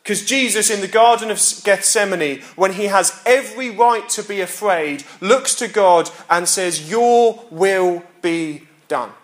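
An earnest male pastor delivers a sermon in a fairly high voice. He repeats his points and lets important lines sink to near quiet. The sound carries the echo of a church hall. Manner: earnest, repetitive preaching with quiet emphatic drops.

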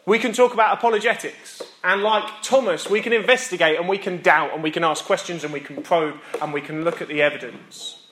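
A British man preaching a sermon, earnest with emphatic pauses and wry self-deprecating humor. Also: sits high, pushed and bright, reverberant. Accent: British English.

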